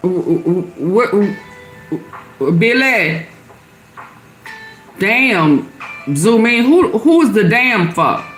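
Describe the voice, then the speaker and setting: A middle-aged woman hosts a live stream, chatting with viewers, reading their comments aloud, answering them, and laughing often. Her medium-pitched voice is sing-song and very slow, with frequent pauses and faint music behind.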